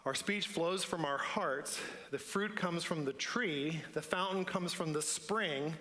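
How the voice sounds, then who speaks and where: A man's voice: fairly high pitch, slow, sharp tone. A man preaching a sermon in a church, earnest and building to emphatic repeated lines. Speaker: pastor. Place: church sanctuary. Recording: long church hall reverb.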